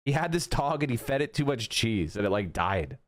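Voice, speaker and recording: A man's voice: medium pitch, very animated, a little fast. A man hosting a stream, giving heated, mocking reaction commentary full of swearing. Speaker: stream host reacting to clips.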